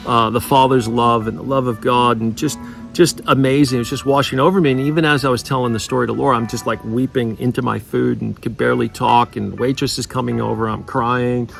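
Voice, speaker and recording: A man sharing a personal testimony in an unhurried, conversational way. He stumbles often, restarting phrases and filling pauses as he goes. His voice sits at an ordinary middle pitch. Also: steady tone, vocal fry, a bit bright, faint music behind. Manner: halting, full of fillers and restarts. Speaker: ministry leader. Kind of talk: casual spoken testimony.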